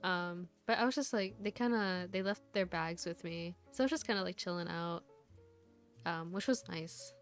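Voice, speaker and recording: A woman's voice: fairly low pitch, moderate pace, faint music behind. A woman VTuber chatting casually to her stream viewers, rambling through a story with lots of laughs and fillers.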